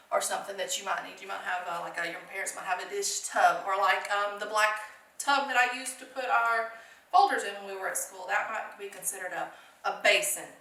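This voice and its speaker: A woman's voice: medium pitch, sharp tone, roomy sound, far from the mic. A woman teaching a phonics lesson to young children, encouraging them, asking questions and answering them herself.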